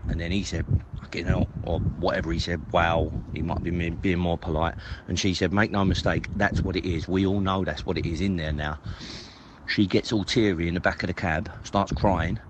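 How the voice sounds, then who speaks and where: A man's voice: low-pitched, fairly even intonation, fairly quick, noisy background. A man, retelling a story casually, hesitant with lots of ums and restarts.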